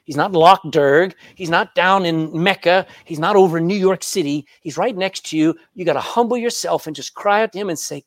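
A man preaching a sermon as pastor, emphatic and animated, often turning to the congregation with questions. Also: sits high, fairly quick, few pauses, no room sound.

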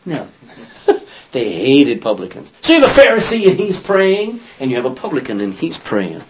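Animated man teaching a Bible class. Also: mid-range voice, normal speed, slight background noise, poor audio. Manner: acts out scripture quotes in character voices; quizzes listeners with questions.

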